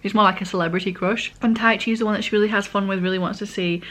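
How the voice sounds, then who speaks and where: A woman talks through a manga story in a loose, rambling vlog chat. She corrects herself as she goes and eats while talking. Her pitch sits in the middle of the usual range. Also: fairly even intonation, fast, a bit bright. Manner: rambling, chatty, self-correcting. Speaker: vlogger. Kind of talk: casual manga reading recap.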